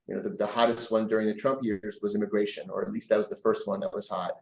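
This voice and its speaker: A man, a rabbi, answering interview questions earnestly and growing animated as he tells stories. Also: lowish voice, quick pace, vocal fry. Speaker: rabbi guest. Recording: roomy echo.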